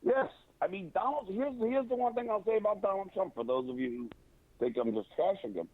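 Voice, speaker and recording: A man's voice: high-pitched, expressive, slightly rough, dry recording. Opinionated man on a tinny phone line. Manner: halting, many restarts and fillers. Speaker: guest. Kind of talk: casual interview over a phone line.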